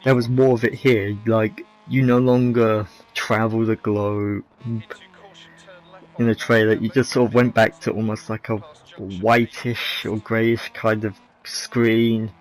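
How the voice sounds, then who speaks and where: A man's voice: fairly low pitch, level tone, takes it slowly, poor audio. A man giving casual, rambling commentary over racing game footage, candid and often correcting himself mid-sentence. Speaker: gaming video creator.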